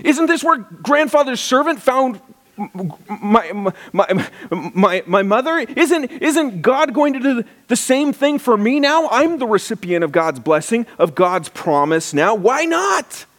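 A preacher voicing an eager young man, Jacob, who talks in a high, breathless, stammering rush. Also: fast talker, few pauses, a bit bright, close to an everyday voice. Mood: excited.

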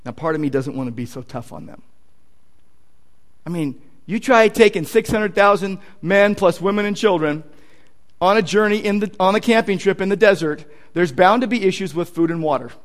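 High-voiced man preaching a sermon. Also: expressive, normal speed. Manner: conversational, emphatic preaching with asides. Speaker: pastor.

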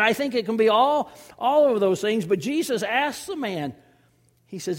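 A man in his fifties preaching a sermon as pastor, swinging between loud emphasis and hushed, near-whispered lines. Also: extremely high pitch, expressive, moderate pace. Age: 50s.

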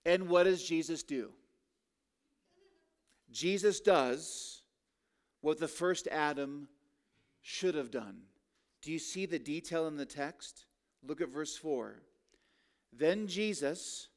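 A man with a fairly high voice delivers an expository sermon from the pulpit. He builds his points through rhetorical questions and slows down to draw out key words for emphasis. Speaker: pastor.

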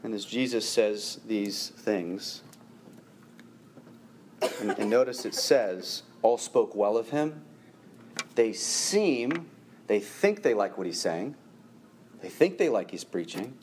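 A man preaching a sermon to a congregation, animated, rising in pitch and force when he presses a point. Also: slow, pauses often, a little hiss or hum. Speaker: pastor.

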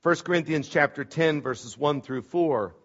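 A pastor delivers a sermon in a church. His voice sits a little high for a man, and he leans hard on key words before dropping into quiet asides. The recording is dull and lo-fi, with the top end cut away. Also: a little slow. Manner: emphatic, swings between loud stresses and quiet asides. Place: church sanctuary. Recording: dull lo-fi sound.

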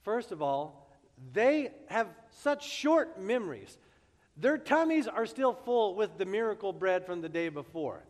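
A man preaching a sermon as pastor, expressive and acting out the quotes he reads, recorded with long reverb in a large hall. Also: high voice, a little slow.

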